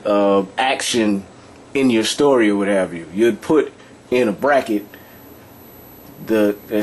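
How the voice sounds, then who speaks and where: A man with a lowish voice and a darkish tone gives a casual, informal lesson. He talks loosely, repeats himself, and keeps checking that the listener is following.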